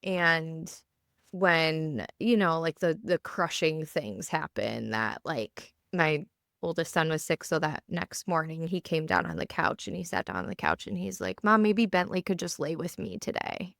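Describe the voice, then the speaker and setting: A woman in her thirties speaks in a low voice, chatting casually as a podcast co-host. She talks haltingly, restarting sentences and leaning on fillers. The sound is dry and close, with no room echo. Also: creaky, a bit bright. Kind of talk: casual chat. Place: home basement.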